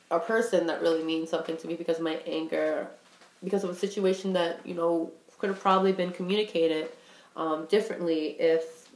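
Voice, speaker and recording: Candid young woman, lowish voice, echoey room. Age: 20s. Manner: candid, rambling with many fillers. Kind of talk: casual personal talk.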